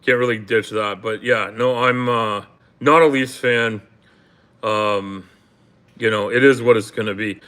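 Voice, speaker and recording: A man's voice: mid-range voice, steady tone, a bit bright. Rambling Canadian man chatting on a livestream. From Canada, grew up in Toronto. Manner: rambling, halting, many ums and restarts; blunt, swears freely. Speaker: livestream host. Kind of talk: casual livestream chat with viewers.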